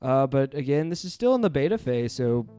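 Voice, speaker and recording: A man's voice: medium pitch, big pitch swings, fairly quick, dark tone, soft background music. A man hosting a casual movie podcast, talking in a loose, rambling, self-deprecating way. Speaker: podcast host.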